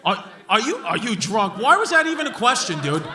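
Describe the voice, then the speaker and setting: This comedian's voice is high-pitched and bright, with big pitch swings, a fairly quick delivery, and a forceful tone. He's doing crowd work in a large comedy club, brash and profane as he mocks hecklers in front of a live audience. The live club recording picks up crowd noise and laughter behind him.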